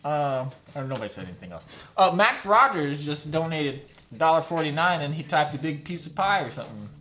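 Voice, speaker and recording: A man's voice: on the high side, sing-song, fairly quick, bright, forceful tone. A young man chatting casually on a live stream at his computer, rambling and often laughing.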